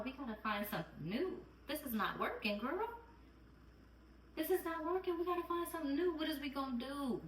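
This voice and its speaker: Mom vlogger talking earnest and heartfelt, repeats herself a lot, echoey room, mic a bit far off. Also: female voice, fairly high pitch, a bit bright, slight background noise. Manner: earnest, repeats phrases, close to tears at times. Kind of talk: candid heartfelt chat. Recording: roomy and distant home recording.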